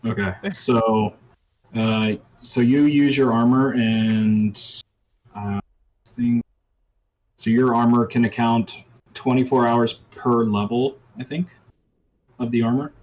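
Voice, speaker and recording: A man running a tabletop role-playing game as game master, talking in a relaxed way with many ums and uhs. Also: mid-range voice, takes it slowly, long pauses, dull audio.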